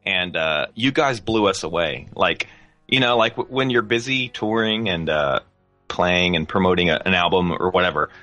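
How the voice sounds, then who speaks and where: Man, 40s, from the American South; guest musician, casual storyteller, restarts a lot, laughs often; low voice with a bright edge. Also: normal speed, lo-fi sound, faint music behind. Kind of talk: casual conversation.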